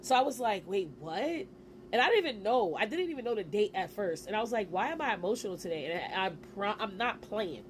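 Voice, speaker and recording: A woman in her forties telling a personal story to camera in a casual, animated way, with slang and quick asides. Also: medium pitch, a little hiss or hum. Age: 40s. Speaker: vlogger.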